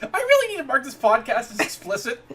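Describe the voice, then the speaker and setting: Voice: high-pitched, huge pitch swings, fast talker, a bit bright, husky. A podcast host in a casual chat, making crude jokes and laughing often.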